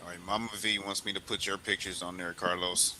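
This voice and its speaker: Male podcast host, very bright tone, playful and teasing, easygoing interviewer. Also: sits low, a little fast, slight background noise, rough recording. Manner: joking, teasing, animated retelling. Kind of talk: casual interview chat.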